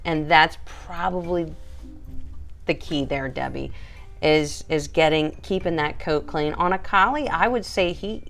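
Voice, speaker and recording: A woman, a pet groomer, hosting a casual live stream, chatty and emphatic as she answers viewers by name. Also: on the low side.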